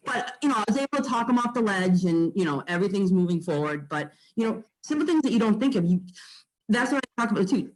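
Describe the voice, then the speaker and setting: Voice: mid-range voice, expressive, fairly quick, rough recording. A real estate agent, giving a casual, blunt training talk to fellow agents and full of fillers and mild swearing.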